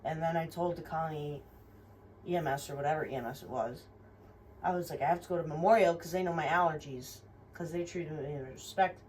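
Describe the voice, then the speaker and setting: A young woman with a fairly low voice, telling her own story in a loose, rambling way. She speaks frankly, swears often and leans on fillers. The mic sits a little away from her, with faint noise in the room. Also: a little fast, a little mellow, far from the mic, poor audio. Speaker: vlogger. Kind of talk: casual personal storytelling.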